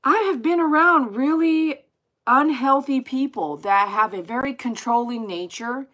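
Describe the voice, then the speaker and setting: A woman chatting casually with viewers on her livestream, animated and exclaiming as she reads comments aloud. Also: high voice, measured pace. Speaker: dog groomer hosting a livestream.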